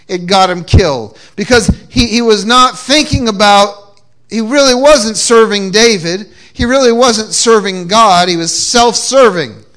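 A man's voice: high-pitched, a little slow, fairly bright tone. A man preaching a sermon with call-and-response cues and frequent repeated restarts, from New England. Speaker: pastor. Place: church.

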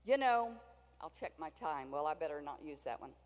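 A woman's voice: deep voice, expressive, moderate pace, big-room sound. An older woman preaching a sermon in a chatty, folksy way, with asides to the congregation.

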